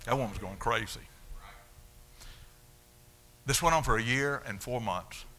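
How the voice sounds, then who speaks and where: A man, preaching a sermon as a story of his own life, dropping low and then shouting out the punch lines. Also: unhurried. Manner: storytelling, swings from hushed to shouting. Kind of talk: sermon testimony.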